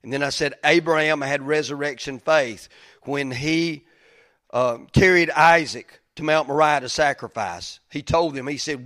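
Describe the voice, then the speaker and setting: A man preaching a sermon in a folksy, conversational way, stuffy from crying, who builds up to loud, emphatic stretches. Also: a little high, normal speed. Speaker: pastor.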